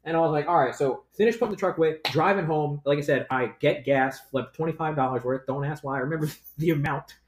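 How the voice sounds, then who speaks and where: A man's voice: on the high side, fast, hardly any pauses, echoey room. A young man, a podcast co-host, rambling through a story in casual chat with lots of fillers and swearing.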